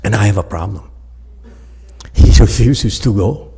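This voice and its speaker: An unhurried male voice, fairly low, mellow and husky, belongs to a Buddhist meditation teacher. In his informal dharma talk he tells funny stories, breaks into laughter frequently and addresses listeners head-on.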